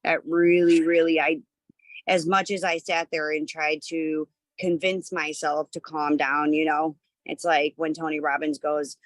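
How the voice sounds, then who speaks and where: Woman, low voice, dry sound, thoughtful, some fillers, video call participant. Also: flat delivery, a little slow, no room sound. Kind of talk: sharing a reflection.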